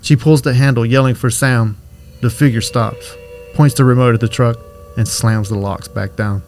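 A man reading a horror story aloud as scripted narration, in a steady, even way. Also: mid-range voice, moderate pace.

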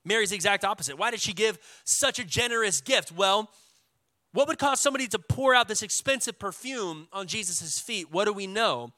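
A man with a Texan accent, a pastor preaching a sermon in a lively, casual way with call-and-response. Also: high voice, brisk, no echo.

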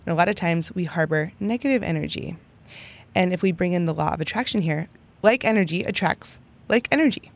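A woman's voice: fairly low pitch, expressive, fairly quick. A young adult woman hosting a podcast, teaching in a chatty, upbeat way and often tagging lines with "right?". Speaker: podcast host. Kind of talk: casual teaching monologue.

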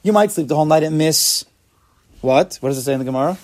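A man's voice: a little high, fast talker, darkish tone. A man teaching an informal Talmud class, explaining step by step and asking and answering his own questions.

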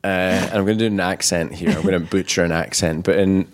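A man's voice: deep voice, fairly even intonation, fast talker. A man hosting a podcast, playful and teasing, laughing often. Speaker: podcast host. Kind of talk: casual podcast conversation.

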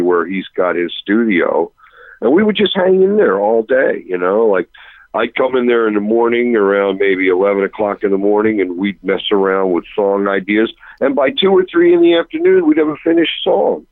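Gravelly low man telling a lively story. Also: no room sound, phone-quality sound. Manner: animated, self-interrupting, chuckling storyteller. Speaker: touring rock musician guest. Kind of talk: storytelling anecdote on a radio interview.

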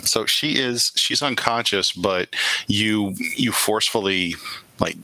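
A man narrating as game master of a tabletop role-playing game, talking in a loose, halting way full of fillers. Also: lowish voice, bright, forceful tone, no room sound, poor audio. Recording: music playing behind.

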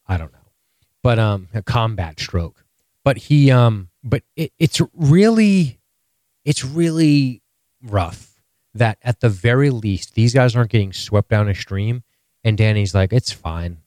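Man podcast co-host, low voice, analytical, joking, casual swearing, dry close mic. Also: a little mellow, no echo.

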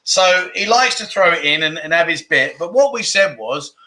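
Hosting a casual livestream, a chatty man reads viewer comments and responds as he goes. His slightly high voice is bright and forward, with lively intonation and a moderate pace, and he laughs often between mild grumbling asides.

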